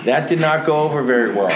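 A man shares his recovery story at an unhurried pace, his pitch rising and falling in lively swings as he mocks his old self. He laughs at his own foolishness, and there is clear background noise on the recording. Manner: slow, conversational, self-mocking with laughs. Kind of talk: storytelling testimony.

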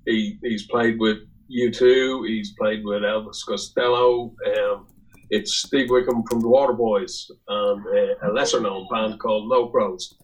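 An Irish man guesting on a podcast tells a rambling, salty anecdote in casual chat, swearing as he goes. His voice is on the low side with fairly even intonation and a measured pace, though the audio is poor.

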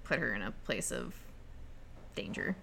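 A woman's voice: extremely low pitch, normal speed, gravelly, slight background noise. A woman co-hosting a podcast, casually recapping comics and laughing easily. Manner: relaxed, laughs often, recaps plot. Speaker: podcast co-host. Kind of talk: casual chat about comics.

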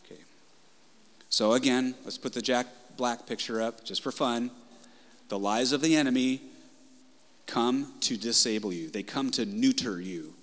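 A male pastor preaching a passionate, conversational sermon in a church, moving between loud and soft delivery. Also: mid-range voice, unhurried, long pauses, long reverb tail. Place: church sanctuary.

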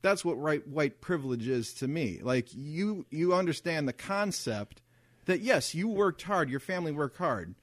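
A man co-hosting a casual podcast, his pitch swinging widely as he talks. He rambles, trips over restarts and grows animated when arguing. The sound is close and dry, with no room around it. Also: moderate pace, no room sound. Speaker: podcast co-host. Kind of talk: casual chat.

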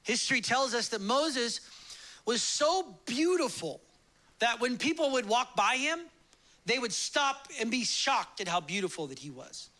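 Pastor in his thirties, male, very high and forceful, animated storyteller. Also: unhurried, low-quality recording. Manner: animated, acts out quoted voices in his stories. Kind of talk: sermon with storytelling.

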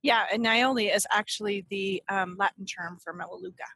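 A woman co-hosting a podcast, chatting casually with a giggly, teasing manner. Her voice is bright and a little husky, set a touch higher than most. The sound is dry and close. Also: steady tone, a little fast, no room sound. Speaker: podcast co-host. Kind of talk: casual chat.

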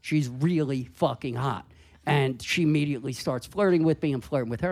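A man spins a long, crude anecdote on a comedy podcast. He talks casually and acts out every line of dialogue, swinging between mutters and loud outbursts. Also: medium pitch, a little fast. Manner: animated, profane, acts out dialogue. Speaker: comedian guest.

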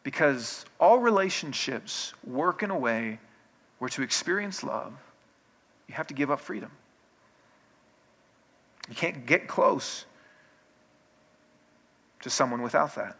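A man's voice: fairly high pitch, very animated, takes it slowly, gravelly, pauses often, fairly bright tone. A man preaching a sermon in a conversational way, with restarts, building in intensity. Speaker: pastor.

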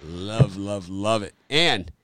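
A man's voice: fairly low pitch, animated, slow pace, pushed and bright, a little hiss or hum. A man hosting a casual sports betting chat, rambling and enthusiastic, repeating himself as he tells stories. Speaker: sports betting show host.

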